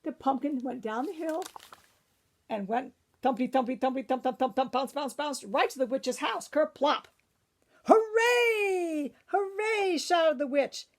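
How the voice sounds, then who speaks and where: A woman's voice: sits high, normal speed. A woman librarian reading a picture book aloud to children, breaking off for chatty asides to her young listeners.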